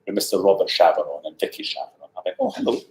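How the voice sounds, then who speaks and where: A man telling an anecdote in an interview, animated, laughing often and acting out the voices of the people in his story. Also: sits low, rapid-fire, vocal fry. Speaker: interview guest. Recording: echoey room, faint noise.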